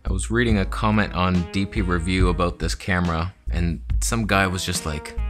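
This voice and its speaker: A man's voice: deep voice, steady tone, moderate pace, few pauses, soft background music. A man vlogging a sarcastic, exasperated comedy rant about a camera.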